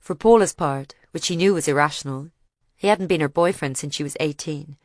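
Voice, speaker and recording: Woman, audiobook narrator, steady, lowish voice, dry close sound. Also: brisk, dry recording. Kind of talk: scripted narration.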